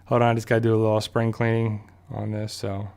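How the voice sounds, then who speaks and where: A man's voice: lowish voice, monotone, fast, creaky, darkish tone, clear, resonant tone. A man hosting a casual show, recapping and reviewing a TV episode in a rambling way, with lots of fillers and restarts. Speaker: show host.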